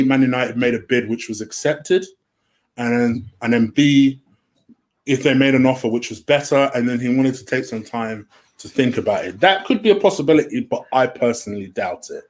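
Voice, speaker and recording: A man hosting a home-made football transfer rumour show, chatty and easily sidetracked, with a lot of "um". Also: mid-range voice. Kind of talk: casual solo commentary. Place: home room.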